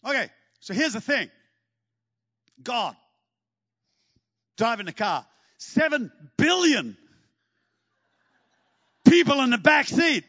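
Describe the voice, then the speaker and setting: A man preaching a sermon in an animated, joking way, breaking into shouts. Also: extremely high pitch, slow pace, long pauses, no echo, highs cut off. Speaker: pastor.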